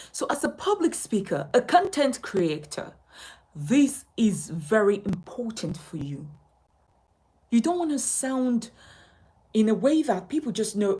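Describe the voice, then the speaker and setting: A woman's voice: on the high side, big pitch swings, a little slow, warm tone, slightly rough, poor audio. A woman from Nigeria teaching a speaking lesson as a communication coach, emphatic and instructive, repeating her key points.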